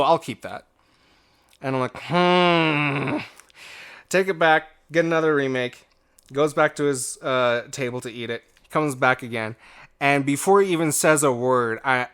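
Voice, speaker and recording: A young man co-hosts a casual podcast, telling a long story about an old job and playing out everyone's lines. His voice is bright and forceful, and he sits at an ordinary middle pitch. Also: clean tone. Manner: rambling anecdote with acted-out quotes and laughter. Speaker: podcast co-host.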